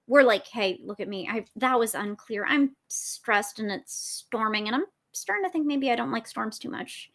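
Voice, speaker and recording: Woman doing jittery adventurer, rambly, higher voice. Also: animated, moderate pace, hardly any pauses, fairly bright tone. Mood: anxious. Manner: anxious and rambling. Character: nervous adventurer with a pet baby dino.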